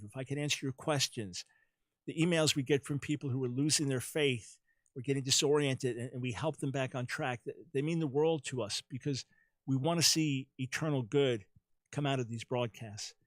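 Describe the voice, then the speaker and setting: A man's voice: mid-range voice, brisk, dry recording. A man hosting a call-in radio talk show who makes an earnest, preacherly appeal to his listeners and often repeats his words.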